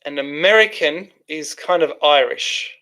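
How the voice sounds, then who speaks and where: A man's voice: a little high, unhurried, sharp tone. Rambling man on a livestream. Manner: rambling, with restarts and frequent fillers. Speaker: livestream host reading chat. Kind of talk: casual livestream chat.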